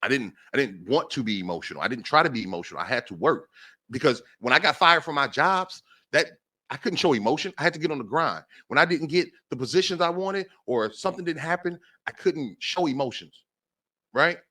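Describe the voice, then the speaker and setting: A man's voice: mid-range voice, lively intonation, fairly quick, pushed and bright. A man hosting a talk show, delivering an impassioned monologue and repeating phrases for emphasis. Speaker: podcast host.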